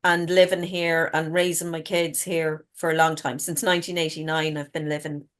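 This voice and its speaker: A woman's voice: low voice, level tone, normal speed. A middle-aged woman, a guest author telling stories frankly in casual chat and swearing freely. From Ireland.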